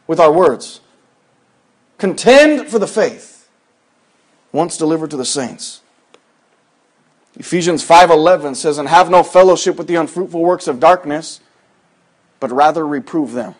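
A man preaching a sermon in a folksy, conversational way, dropping soft and low, then rising to loud, high exhortation. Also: unhurried, pauses often.

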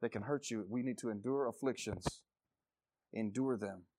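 A man preaching a sermon with passion, swinging from loud exhortation to low intensity and repeating phrases for emphasis. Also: moderate pace, dry recording.

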